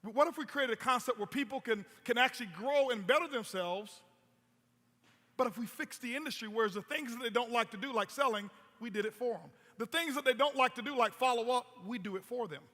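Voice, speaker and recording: Telling stories on stage as a motivational speaker, a man uses emphatic repetition of words. He speaks fairly quickly in a very high, sharp-toned voice, with long hall reverb in the recording.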